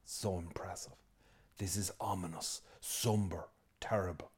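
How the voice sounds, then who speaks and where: Irish priest preaching a lively sermon. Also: male voice, sits low, unhurried, slightly rough. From Ireland. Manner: lively and conversational, with asides and jokes; emphatic, repeating key phrases.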